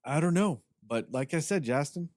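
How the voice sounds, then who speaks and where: A podcast co-host whose voice is fairly high talks at moderate pace while ranting about a movie in casual conversation. He's animated, sarcastic, and heavy on swearing, and the studio-quality audio has no echo.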